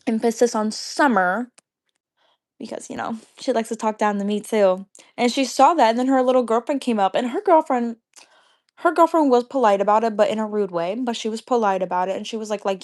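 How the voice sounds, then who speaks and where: Heated young woman livestreamer ranting. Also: medium pitch. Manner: heated, profane, talks fast when angry. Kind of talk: casual storytime rant.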